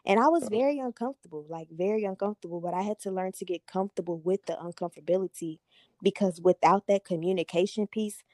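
A young woman hosting a podcast, telling a personal story in a candid, profane, animated way. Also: medium pitch, quick pace, no room sound, clean studio sound. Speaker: podcast host. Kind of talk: casual storytelling chat.

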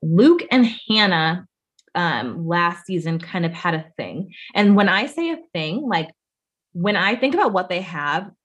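Young woman co-host, blunt and opinionated, on the lower side. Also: very animated, unhurried. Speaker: podcast co-host. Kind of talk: casual chat.

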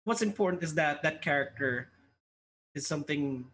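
A man co-hosting a casual chat, reacting excitably and laughing often. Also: on the high side, normal speed, slight background noise. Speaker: podcast co-host.

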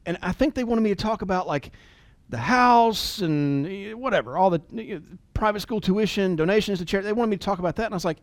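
A man in his forties giving an earnest, emotional motivational talk, at times dropping to a soft near-whisper. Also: sits high, fast, no echo. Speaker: business leader and motivational speaker.

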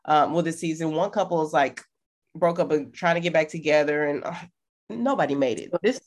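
A woman's voice: low-pitched, fairly quick. A woman co-hosting a podcast, giving frank, emphatic opinions in casual chat. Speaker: podcast co-host.

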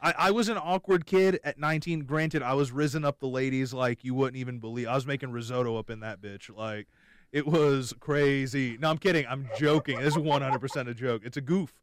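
A man's voice: mid-range voice, brisk, no echo. A young man hosting a podcast in casual chat, rambling and joking with many restarts. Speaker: podcast host.

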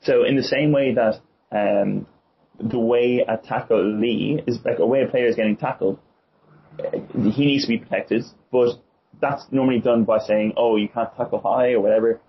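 A man in a casual sports chat, speaking in a measured, agreeable way with hesitant fillers. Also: medium pitch, steady tone, husky. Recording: dull lo-fi recording with faint noise.

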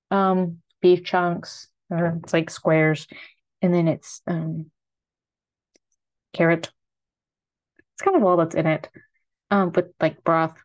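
A young American food vlogger chats on her own, rambling upbeat about foods she loves and using lots of fillers. Her voice is on the low side with a darkish tone, and the highs are cut off.

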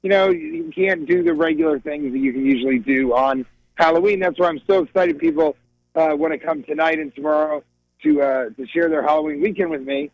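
A man's voice: a little high, expressive, brisk, creaky, no echo. A male comedian calling in to a radio show, giddy and rambling, laughing through his jokes over a muffled phone line. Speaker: comedian guest.

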